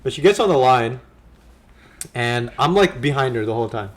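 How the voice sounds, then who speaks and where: A man hosting a podcast, telling a story in lively casual chat with slang. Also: medium pitch, normal speed. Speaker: podcast host.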